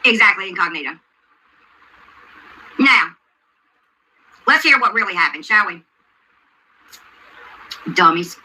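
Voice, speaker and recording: A middle-aged woman hosting a casual livestream, greeting viewers as baby and sweetheart while calmly calling out a rival. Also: mid-range voice, slow pace, pauses often, husky, rough recording. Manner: insists she is calm and not screaming. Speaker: YouTube commentary host.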